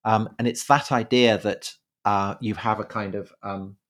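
A man co-hosting a casual podcast with a somewhat low voice. He talks in a halting way, with plenty of fillers and repeated words as he thinks aloud. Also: fairly even intonation, fairly bright tone. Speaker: podcast co-host. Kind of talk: casual conversational history chat.

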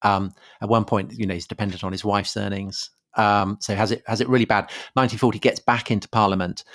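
A man co-hosting a casual history podcast, halting and full of fillers. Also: fairly low pitch, fairly even intonation, a bit bright, no echo, studio quality. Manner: halting, filler-heavy, quick agreements. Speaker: podcast co-host.

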